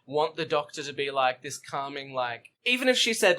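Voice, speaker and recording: A man's voice: fairly high pitch, sing-song, brisk, bright, forceful tone. A man hosting a podcast in a studio, chatting casually and laughing often. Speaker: podcast host. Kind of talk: casual chat.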